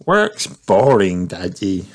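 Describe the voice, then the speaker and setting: A man's voice: deep voice, big pitch swings, takes it slowly, full character voice. A man voicing a cheerful little girl piglet in a storybook read-aloud, with an eager, chirpy, questioning manner. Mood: complaining.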